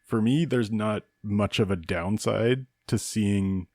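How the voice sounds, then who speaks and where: A man's voice: fairly low pitch, slow pace, a little mellow, no room sound, studio quality. A man from Saskatchewan co-hosting a podcast, thinking aloud in an earnest, casual way. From Saskatchewan, Canada. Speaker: podcast co-host. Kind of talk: casual discussion.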